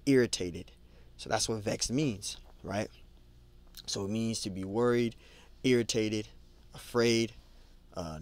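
With no room sound around him, a medium-pitched man leads a casual Bible study. He reads a passage slowly, lists what the words mean, then discusses it in a rambling way full of restarts, repetitions, "you know," and "man."

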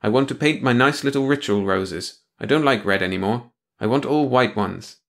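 A man voicing a gruff, world-weary male prison official in an audiobook reading, talking in a tired, growling way. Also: mid-range voice, normal speed, fairly bright tone, natural voice.

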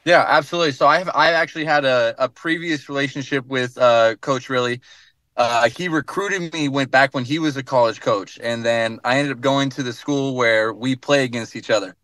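A young American man with an easygoing, friendly way of talking, his voice sitting at an ordinary middle pitch. He speaks from his car, and the sound is dry and close with no room echo. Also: normal speed, sharp tone. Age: young adult. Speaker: guest basketball player. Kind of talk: radio interview from afar.

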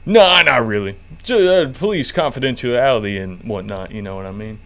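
A man's voice: medium pitch, lively intonation, normal speed, fairly bright tone. A man voicing a folksy, chummy small-town male police officer while playing a game. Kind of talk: game commentary.

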